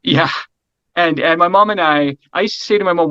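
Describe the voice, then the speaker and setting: A middle-aged man talking as an interview guest in a casual, energetic way, rambling, restarting and asking "right?" often. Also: high-pitched, a little fast, dry recording, lo-fi sound. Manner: energetic, rambling, repeats words, frequent "right?".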